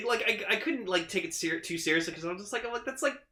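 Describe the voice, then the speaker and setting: A man's voice: high-pitched, expressive, fast talker, sharp tone, echoey room. A man co-hosting a podcast in casual chat, rambling and swearing with lots of filler words. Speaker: podcast co-host.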